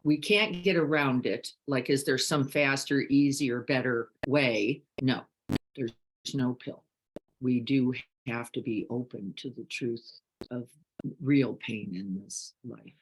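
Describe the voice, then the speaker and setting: A woman meditation teacher giving a reflective dharma talk, asking many questions and moving between hushed and emphatic moments. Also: very deep voice, takes it slowly. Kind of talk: reflective dharma talk, reading participant comments.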